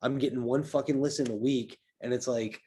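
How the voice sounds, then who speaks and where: A man's voice: medium pitch, steady tone, fairly quick, mellow, slightly rough. A man guesting on a podcast in casual chat, frank and swearing a lot as he rants.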